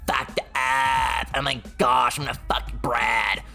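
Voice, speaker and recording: A man's voice: medium pitch, little pitch movement, takes it slowly, gravelly, sharp tone, soft background music, exaggerated voice. A man putting on the voice of a shameless drunk young woman, slurring and exclaiming. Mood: drunken giddy.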